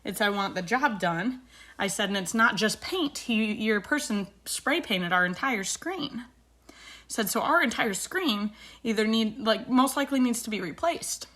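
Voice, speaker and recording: A woman's voice: on the high side, lively intonation, normal speed, fairly bright tone. A woman in her thirties, a beauty vlogger, chatting casually and retelling a dispute with indignation while doing her makeup.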